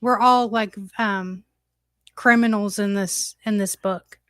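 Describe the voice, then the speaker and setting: A woman's voice: medium pitch, steady tone, slow, a bit bright, clear, resonant tone, no echo, clean studio sound. A woman co-hosting a casual chat, laughing often and bantering playfully. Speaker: co-host.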